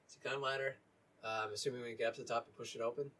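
A man running a tabletop game as dungeon master, narrating in a relaxed, halting way with many fillers. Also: mid-range voice, a little hiss or hum. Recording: voice a little distant from mic.

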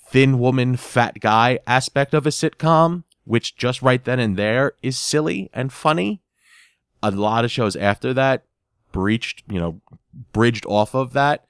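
Man, mid-pitched, casual podcast recap. Animated and giggly, with lots of restarts. Dry, close sound. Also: clear, resonant tone, dry recording. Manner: animated storytelling, giggles often, repeats words while he searches for them.

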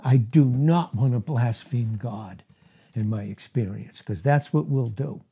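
Husky-voiced preacher, emphatic sermon. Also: male voice, measured pace. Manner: emphatic, rising to high animated bursts.

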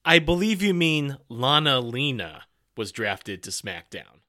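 A man's voice: medium pitch, big pitch swings, unhurried, pushed and bright. A man co-hosting a podcast who throws in dry, teasing quips. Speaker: podcast co-host. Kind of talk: casual chat.

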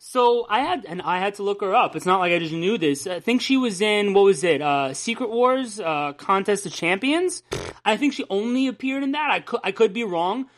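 A man's voice: high-pitched, animated, moderate pace, fairly bright tone. Young man, podcast co-host, chatty, swears a lot, rambles and riffs on jokes. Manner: rambling, profane, jokey. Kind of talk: casual comics news chat.

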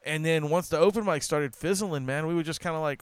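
A podcast host from New Orleans talks in a loose, laid-back way, full of fillers and casual swearing. His voice is smooth and fairly high. It is recorded close and dry, with no room sound. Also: brisk, hardly any pauses, dry recording.

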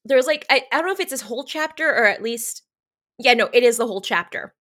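A woman's voice: fairly high pitch, lively intonation, quick pace, fairly bright tone. Gushing, giggly woman podcast co-host. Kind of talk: casual book discussion chat.

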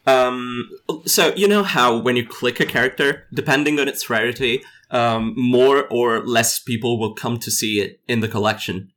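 A man's voice: mid-range voice, moderate pace, fairly bright tone. A male game developer chatting casually in an interview, hesitant, with many fillers and restarts. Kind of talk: casual chat.

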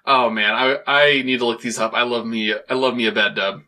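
Bright-toned, easygoing male podcast co-host. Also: medium pitch, fairly even intonation, a little fast. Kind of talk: casual chat.

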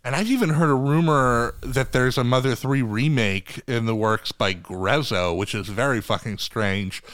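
A man's voice: medium pitch, normal speed, fairly bright tone, dry recording, clean studio sound. A man co-hosting a podcast in casual chat, joking and rambling, swearing now and then. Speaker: podcast co-host.

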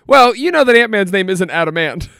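A man's voice: high-pitched, expressive, a little fast, creaky, bright, forceful tone, dry recording, clean studio sound. A man co-hosting a podcast in casual chat, playful and teasing, with some swearing. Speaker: podcast co-host.

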